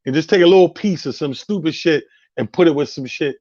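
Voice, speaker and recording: A man's voice: on the high side, a little fast, darkish tone. A man hosting a casual chat, hyping up his guest and laughing easily. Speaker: host. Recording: dull lo-fi audio.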